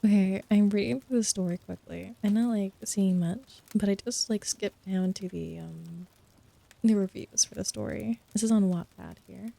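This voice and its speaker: A young woman in whispered role-play with a low-key, gravelly edge and a dark, mellow tone. She speaks softly and teasingly, slipping into mock-sinister playfulness between giggles. She is recorded close on a dry desk mic. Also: normal speed, dry recording. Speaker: streamer.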